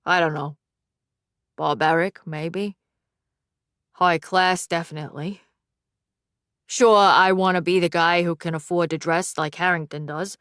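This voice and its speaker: A man's voice: on the high side, steady tone, a little slow, pauses often, fairly bright tone, clear, resonant tone, no room sound, studio quality. A woman voicing a bitter, defensive young male alchemist in an audiobook. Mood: wistful. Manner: defensive, wistful. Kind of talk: audiobook dialogue.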